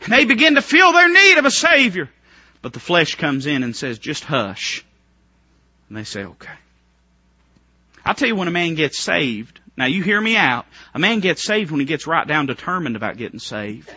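Man preaching, fervent revival sermon, high lively voice, bright tone, slightly dull recording. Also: moderate pace, slightly rough, no room sound. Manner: fervent, swings from hushed to shouting, rhetorical questions.

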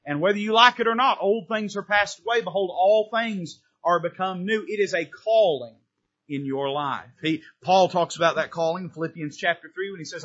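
A pastor preaching a fervent sermon from the pulpit, pushing harder on key points in a folksy style. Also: male voice, high-pitched, pushed and bright. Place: church sanctuary from the pulpit. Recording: dull, lo-fi sermon recording.

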